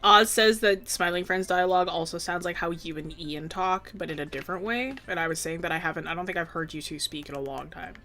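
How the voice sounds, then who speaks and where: A woman's voice: lowish voice, fairly quick, few pauses, sharp tone. A young woman streaming while she draws, chatting casually in a rambling way and laughing often. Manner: giggly, rambling, frequent laughter. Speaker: streamer and artist. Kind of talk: casual chat while drawing. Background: faint background music.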